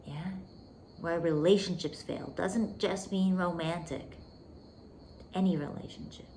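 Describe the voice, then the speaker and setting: Woman host, low voice, intimate coaching monologue, faint hiss behind. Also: fairly even intonation, a little slow, darkish tone. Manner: intimate, emphatic, calls listener "baby", drops to whispers. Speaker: podcast host.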